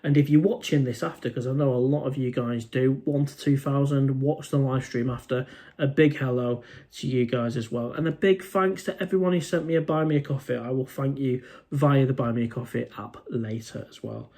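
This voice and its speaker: A man's voice: medium pitch, steady tone, a little fast, dark tone. Chatty English man reading viewer comments. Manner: chatty, informal, says "mate" often. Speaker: live stream host. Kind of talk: casual live stream chat reading viewer comments.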